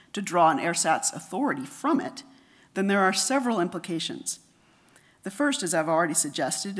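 A middle-aged woman giving a conference lecture, reading her paper in a measured way and dropping softer for quotations. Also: on the low side, slightly rough. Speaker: conference speaker.

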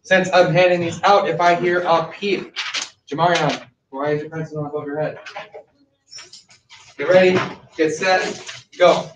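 A male math teacher speaking loudly through a mask, firm and drilling his class. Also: fairly high pitch, steady tone, a little slow, pauses often, distant mic, muffled recording, noisy background. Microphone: masked, mic at a distance. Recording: echoey classroom.

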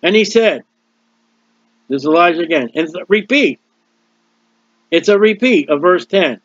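A man's voice: high voice, expressive, measured pace, pauses often, fairly bright tone, no echo. A man preaching a sermon, explaining scripture plainly and reading out the verses in turn. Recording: dull dry lo-fi recording.

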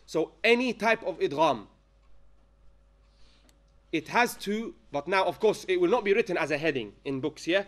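A man with a high voice teaches a tajweed class, dictating notes slowly and checking in with his students after nearly every point. He breaks into chanted verses to show each rule. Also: animated. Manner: dictates slowly, checks understanding with frequent questions; chants Arabic verses when giving examples. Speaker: Quran recitation teacher. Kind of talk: classroom lesson.

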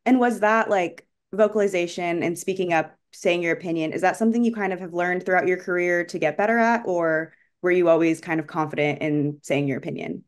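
A young woman in her twenties interviews a guest as a law student. Her voice sits a little low. She asks thoughtful, measured questions and affirms answers briefly. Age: 20s.

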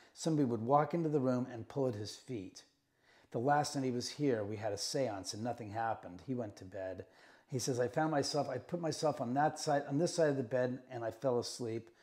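Middle-aged man telling ghost stories. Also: mid-range voice. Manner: animated retelling with acted-out quotes. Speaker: house owner giving a tour. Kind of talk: casual storytelling. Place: inside a house room.

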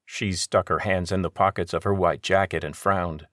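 A man narrating an audiobook in a steady, measured way. His voice sits very low. The recording is close and dry, with no room sound. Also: no echo.

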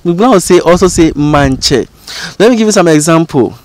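A man teaching an informal lesson as a channel host, explaining slowly and repeating example phrases. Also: fairly high pitch, lively intonation, darkish tone. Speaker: language educator and channel host.

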